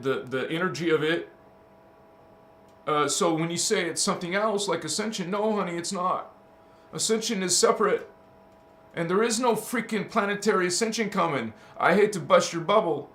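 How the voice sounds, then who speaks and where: High-voiced man hosting a chatty spiritual livestream. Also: fairly bright tone. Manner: emphatic, chatty, calls listeners honey and baby, laughs often. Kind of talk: casual livestream talk reading chat. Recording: roomy echo.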